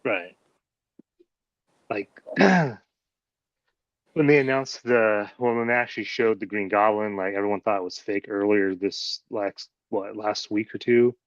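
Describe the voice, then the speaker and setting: A man's voice: fairly low pitch, fairly even intonation, a little slow, long pauses, dry recording. Man hosting, swearing in dull lo-fi audio. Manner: rambling, swears freely. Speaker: host. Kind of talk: casual chat.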